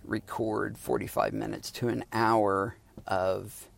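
A man's voice: fairly low pitch, flat delivery, takes it slowly, vocal fry. A man hosting a solo podcast in a sardonic, rambling, casual way, swearing freely, recorded on a phone in a parked car. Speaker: podcast host. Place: back seat of a parked car.

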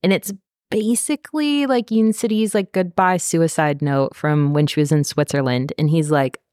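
Woman, podcast co-host, casual recap chat, animated, fillers, dry close sound. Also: low voice, moderate pace, no room sound. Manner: animated, swearing, many "like" fillers.

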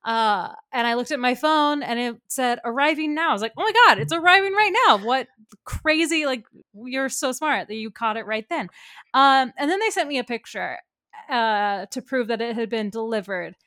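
A young woman hosting a casual podcast, telling stories in a lively, rambling way full of fillers and quick laughs. Her voice sits a little high, and the sound is close and dry, with no room around it. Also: clear, resonant tone, no echo. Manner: animated storytelling, frequent fillers and laughs. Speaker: podcast host. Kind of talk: casual chat.

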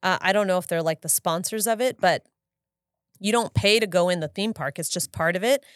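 Chatty woman co-host, lowish voice. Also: brisk, no echo, clean studio sound. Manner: chatty storyteller, quotes herself, laughs often. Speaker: podcast co-host. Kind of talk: casual chat.

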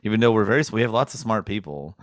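Casting: man in his 20s, very low voice, dry close sound, laid-back crude humor, frequent laughter. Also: expressive, racing, no echo. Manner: laughs often, loose and crude. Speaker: podcast co-host. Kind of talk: casual comedic chat.

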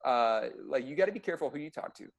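A man's voice: mid-range voice, lively intonation, fast talker, gravelly. A young adult man, a medical practitioner, talking intensely and bluntly in casual podcast chat, swearing freely.

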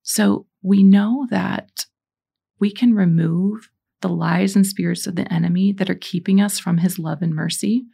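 A woman's voice: mid-range voice, steady tone, a little slow, vocal fry, dark tone, breathy edge. A middle-aged woman hosting a Catholic podcast, talking in an earnest, encouraging, conversational way, mixing stories with teaching and prayer.

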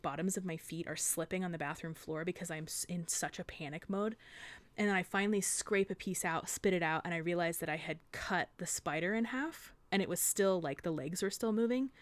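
A woman co-hosting a podcast, telling a story in a casual, animated way, full of swearing and acted-out quotes. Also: lowish voice. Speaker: podcast co-host.

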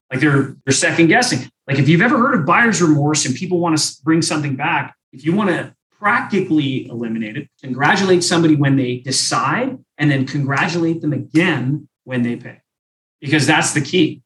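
A man's voice: a little high, normal speed, a bit bright, reverberant, recorded from a distance, rough recording. A man talking about sales in a podcast conversation, emphatic and motivational, repeating his key points. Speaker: sales trainer.

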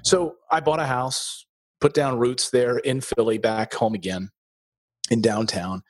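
Here the same kind of guest comes through at medium pitch and a measured pace on a dry recording. He's a middle-aged former TV news anchor from around Philadelphia, now a real estate investor, and he relates his career with lively storytelling, performing the quoted voices himself.

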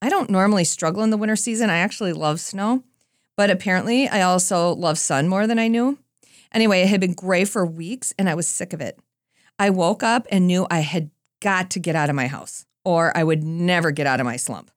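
Animated woman telling a faith story. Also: on the low side, fairly quick, no room sound, studio quality. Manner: animated, self-deprecating storyteller; conversational with playful asides. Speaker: Christian speaker. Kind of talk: personal storytelling talk.

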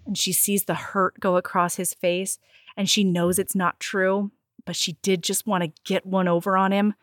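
A woman casually recapping a book in animated, profane chat, acting out the characters' lines as she goes. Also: medium pitch, normal speed, no echo, studio quality. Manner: animated, swears freely, acts out characters' lines. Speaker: podcast co-host reviewing a book.

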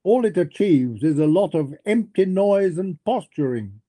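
A man's voice: high-pitched, big pitch swings, unhurried, dark tone, heavily acted. A man voicing a blunt, dismissive young nihilist in a dramatic reading of a novel, with a curt, scornful delivery.

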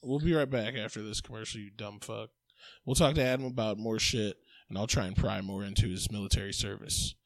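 A man's voice: lowish voice, a little fast. A man hosting a podcast, trading crude jokes and mocking insults in loose banter. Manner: profane, mocking, loud laughing. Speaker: podcast host.

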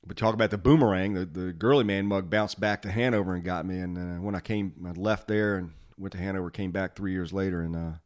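A man hosting a podcast, a former fire officer telling old station stories in a lively way, acting out the quotes and laughing often. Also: sits low, fast talker, hardly any pauses. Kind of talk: casual storytelling chat.

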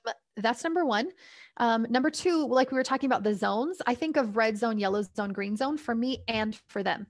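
Upbeat woman parenting coach, high voice. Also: fairly quick, no room sound, clean studio sound. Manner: upbeat and explanatory, laughs between points. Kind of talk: guest giving advice in a podcast interview.

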